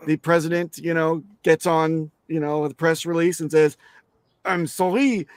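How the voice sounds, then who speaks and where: A man's voice: fairly high pitch, completely flat delivery, moderate pace, smooth, no echo, clean studio sound. A man speaking as a guest on a crypto interview show, emphatic and blunt, swearing casually and restarting his sentences often.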